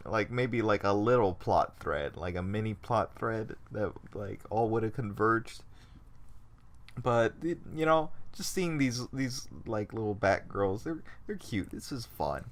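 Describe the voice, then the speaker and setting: A man co-hosting a casual podcast, animatedly retelling scenes and acting out quotes. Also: fairly low pitch. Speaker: podcast co-host. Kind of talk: casual chat.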